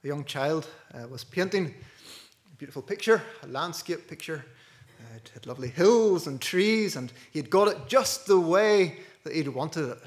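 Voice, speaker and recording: A man preaching a sermon earnestly, dropping to a hush and rising to loud stresses. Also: on the high side, expressive, moderate pace. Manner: earnest, with wide swings between hushed and loud.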